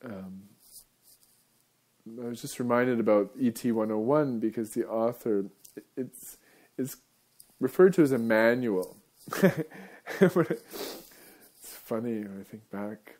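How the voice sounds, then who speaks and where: A man's voice: mid-range voice, slow, a little mellow. A male radio host talking in a casual, rambling monologue, wandering off topic and chuckling often.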